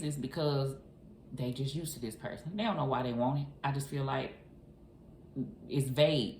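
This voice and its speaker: A woman's voice: rumbling low, darkish tone. A woman doing a casual tarot reading in a chatty, familiar way, calling the listener boo and honey. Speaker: tarot reader. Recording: echoey room, faint hiss.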